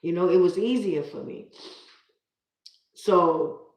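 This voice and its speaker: A middle-aged woman talks casually on a live stream, emphatic and a little preachy, circling back to repeat her points. Her voice sits slightly low. The room around her rings with echo. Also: takes it slowly, a little mellow. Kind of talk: casual live-stream talk, reading viewer comments. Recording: roomy echo.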